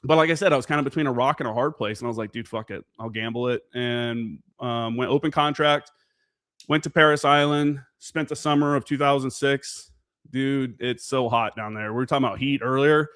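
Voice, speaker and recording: A man's voice: mid-range voice, fairly quick, fairly bright tone, no echo, studio quality. A man in his forties, a veteran guest on a podcast, telling stories in a casual, profane way and acting out the remembered dialogue. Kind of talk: casual storytelling interview.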